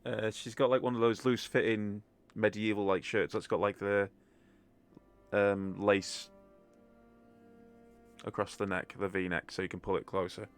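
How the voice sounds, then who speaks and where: Rambling deep-voiced male game master. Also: measured pace, pauses often, clean tone. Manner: rambling, relaxed, full of fillers. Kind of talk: narrating a tabletop game. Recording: faint background music.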